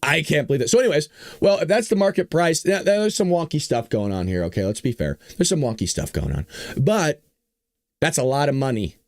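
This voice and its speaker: A hoarse man hosting a casual political commentary show, joking and talking to his audience. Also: fairly high pitch, fairly quick, no echo, studio quality. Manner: animated, joking, talks to the audience. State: hoarse, voice worn out. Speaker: show host.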